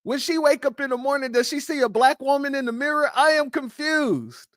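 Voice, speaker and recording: A man's voice: extremely high pitch, brisk, fairly bright tone, dry recording, clean studio sound. A man hosting a reaction commentary show, mocking and incredulous as he talks back at clips. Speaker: commentary host.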